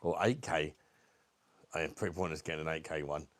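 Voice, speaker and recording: A man's voice: rumbling low, fairly quick, no echo. British man coughing through a live stream. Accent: British English. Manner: chatty, greets viewers by name, swears casually. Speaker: livestream host reviewing beer. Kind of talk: casual live-chat stream.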